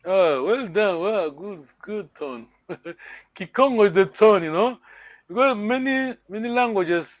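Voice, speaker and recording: In a recording with no echo and clipped highs, a man with a high, expressive voice teaches an online language lesson at a measured pace. He's patient and repetitive, repeating words and asking "yeah?" to make sure his students are following.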